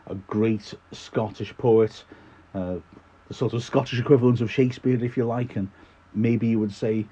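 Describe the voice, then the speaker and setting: A man's voice: lowish voice, mellow, breathy edge, muffled recording. A male teacher giving a classroom lesson on a poem, explaining informally and often restarting his sentences.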